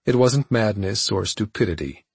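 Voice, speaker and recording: A man giving scripted audiobook narration in a steady storytelling manner. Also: lowish voice, normal speed, gravelly, slightly rough, no room sound.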